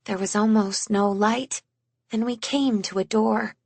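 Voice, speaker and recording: A woman narrating an audiobook in the first person, measured and hushed in tense moments. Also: medium pitch, fairly even intonation, creaky, breathy edge, no room sound.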